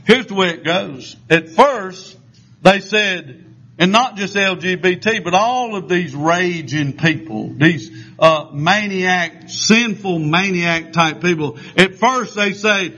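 A man preaching a fiery, emphatic sermon, often pausing for "amen.". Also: high voice, sharp tone. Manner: fiery, emphatic, punctuated with amens. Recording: dull lo-fi sound.

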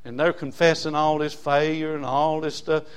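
Folksy preacher, high voice. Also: male voice, little pitch movement, normal speed, smooth. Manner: folksy preaching, swings from loud emphasis to low asides. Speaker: pastor. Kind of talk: sermon.

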